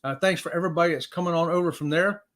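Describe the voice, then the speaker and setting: A middle-aged man, hosting a casual livestream and cheerfully greeting viewers by name with loud whoops. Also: fairly high pitch, rapid-fire. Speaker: livestream host.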